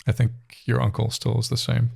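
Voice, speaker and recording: A man's voice: mid-range voice, monotone, brisk, creaky, darkish tone, breathy edge. An American man co-hosting a podcast, chatting casually and teasing his co-host. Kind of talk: casual chat.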